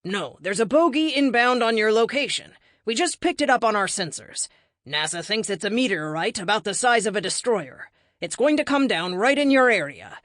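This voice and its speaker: A woman's voice: fairly low pitch, big pitch swings, normal speed, fairly bright tone, no room sound, studio quality. A woman voicing a male military major giving an urgent, clipped warning.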